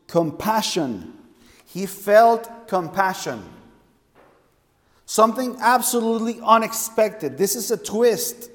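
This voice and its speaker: A man's voice: high voice, a little mellow, long reverb tail. A man preaching a sermon, emphatic and fond of asking his listeners questions. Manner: emphatic, asks the congregation questions.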